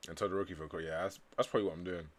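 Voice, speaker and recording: A man reading a manga aloud on a stream, joking and chatting between panels with animated bursts. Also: sits low, racing. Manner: animated, jokey, breaks into loud excited bursts.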